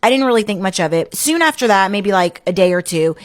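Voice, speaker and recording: Animated woman telling her story. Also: mid-range voice, a little fast. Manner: animated, acts out quoted speech; frequent filler "like". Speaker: interview guest. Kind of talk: casual storytelling interview.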